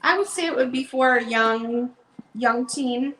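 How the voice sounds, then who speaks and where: Woman, bookseller host, casual live-sale patter, fairly high voice, roomy sound. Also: a bit bright. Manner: casual, chatty, unhurried. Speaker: online bookseller. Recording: roomy echo.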